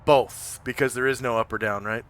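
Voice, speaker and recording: Male game master, slow, hesitant, bright and clear voice. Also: mid-range voice, steady tone. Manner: hesitant, full of fillers. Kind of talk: describing scenes in a tabletop game. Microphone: home microphone on a live stream.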